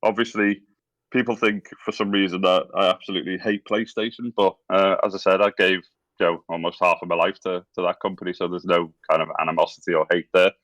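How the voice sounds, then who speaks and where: Deep-voiced Scouse man, hesitant. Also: fairly even intonation, fast, fairly bright tone, no echo, dull audio. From England. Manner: hesitant, many ums and restarts. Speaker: guest, former game developer. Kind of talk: casual interview talk.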